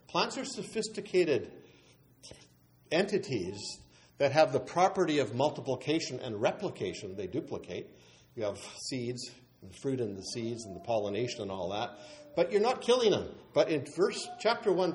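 An emphatic male preacher walks through scripture verse by verse in a teacherly way. He slows down to stress key words and swings from loud declarations to softer asides. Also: mid-range voice. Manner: teacherly, cites verses and asks rhetorical questions. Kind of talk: expository sermon.

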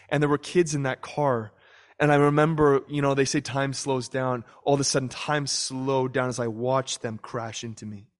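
A young man preaching a sermon, telling a personal story and acting out the voices of people in it. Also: mid-range voice. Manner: storytelling, acts out voices in prayers and quotes.

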